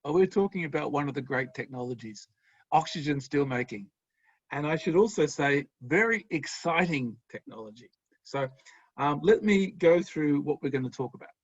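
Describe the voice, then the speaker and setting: An Australian man with a somewhat high voice gives an enthusiastic university lecture over a video call. He sounds friendly and chuckles now and then. The sound is dry and slightly dull. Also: normal speed, darkish tone, dry recording. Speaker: guest lecturer.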